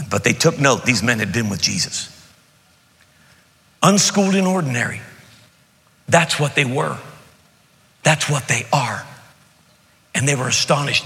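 A man from Pennsylvania preaching a sermon as pastor, emphatic and repeating key lines, dropping at times to a hush. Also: fairly high pitch. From Beaver County, Pennsylvania. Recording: long hall reverb.

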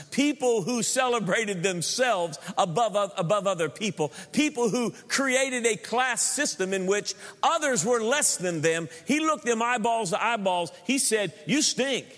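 High-voiced preacher in a reverberant hall. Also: male voice. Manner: emphatic, animated preaching with joking asides and repeated words. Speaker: pastor. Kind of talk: sermon.

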